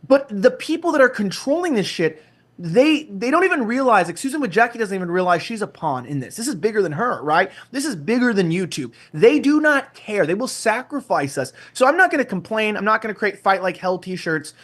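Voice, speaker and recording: A man's voice: sits high, big pitch swings, fairly quick, a bit bright, breathy edge. Indignant man ranting on a podcast. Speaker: guest. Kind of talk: casual podcast chat.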